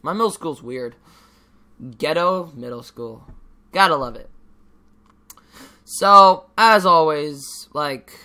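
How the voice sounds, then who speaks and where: A man's voice: on the high side, unhurried, pauses often, bright, forceful tone. A teenage boy vlogging in a casual, rambling way, ranting and swearing freely with lots of fillers. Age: teens.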